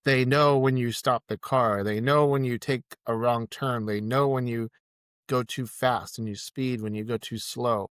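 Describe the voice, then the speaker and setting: A man recounts a rideshare story in relaxed conversation. He gets animated and acts out what people said. The sound is dry and close. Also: medium pitch, a little slow, smooth, no room sound. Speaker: podcast guest, rideshare driver. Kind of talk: casual storytelling chat.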